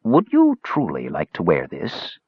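A man voicing a frail male mage who speaks softly, quietly and with cool disdain. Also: sits low, huge pitch swings, unhurried, slightly rough, no echo, muffled recording, voice pushed down, exaggerated voice. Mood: grave. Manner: soft, quiet, cool and dismissive. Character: soft-spoken frail male mage, cold and cutting. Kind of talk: audiobook character voice.

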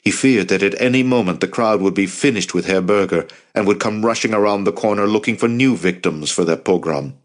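A man's steady, measured reading voice, on the low side, carries this scripted audiobook narration.

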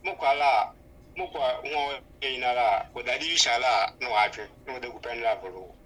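A man phones in to a casual radio chat. His voice is mid-pitched for a man. He answers in short, hesitant bursts with fillers. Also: moderate pace, a bit bright, a little hiss or hum, poor audio.

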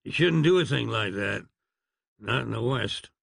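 A man's voice: medium pitch, expressive, measured pace, creaky, a bit bright, slightly rough, dry recording, studio quality, full character voice. A man voicing a fussy, courteous elderly doctor in a storybook reading. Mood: prim. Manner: prim, courteous, flustered.

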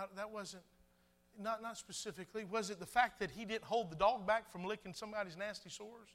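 Pastor guy preaching, high voice, stammers and restarts a lot. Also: fairly bright tone. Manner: conversational preaching with stammered restarts and acted asides. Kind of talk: sermon.

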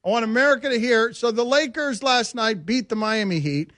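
A man hosting a sports radio show in a studio, ranting and teasing in an animated, sarcastic way. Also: extremely high pitch, brisk, dry recording. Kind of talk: casual sports talk radio. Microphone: studio microphone.

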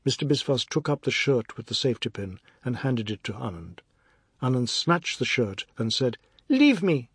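A man reading a novel aloud as narrator, in a measured, even storytelling manner. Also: mid-range voice, slightly rough, no echo, clean studio sound. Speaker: audiobook narrator. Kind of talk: scripted narration.

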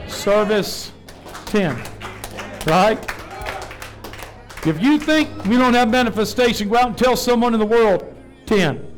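A man, pastoring a revival service, preaching fervently and then dropping to soft personal asides during altar prayer. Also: high-pitched, lively intonation, a little slow, long pauses, faint music behind. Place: church sanctuary.

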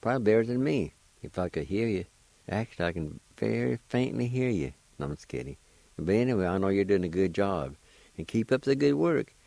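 A man's voice: fairly low pitch, expressive, brisk, vocal fry, dry recording, low-quality recording. A man from Oklahoma hosting a radio language lesson, spelling and pronouncing words patiently and encouraging his listeners. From Oklahoma, United States. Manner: patient, encouraging, gently joking. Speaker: radio host teaching language. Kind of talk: slow spelling and pronunciation lesson.

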